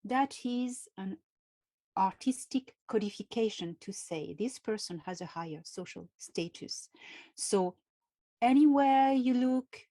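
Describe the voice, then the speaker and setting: A woman with a French accent, a native French speaker answering interview questions in English, speaking slowly and carefully with frequent hesitations. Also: on the high side, expressive, dark tone, dry recording. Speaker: guest.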